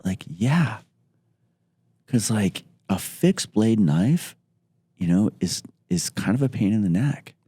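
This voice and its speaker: A middle-aged man tells a loose, rambling story as a podcast guest, peppering it with "like" and lively acted-out quotes. His voice sits low and dark with a mellow tone. The sound is dry, with no room around it. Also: unhurried, slightly rough, dry recording. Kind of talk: casual anecdote storytelling.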